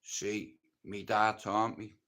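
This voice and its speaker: A man's voice: lowish voice, monotone, takes it slowly, pushed and bright. A man with a Dublin Irish accent telling his own story on a livestream, blunt and intense, swearing often. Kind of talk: casual storytelling monologue.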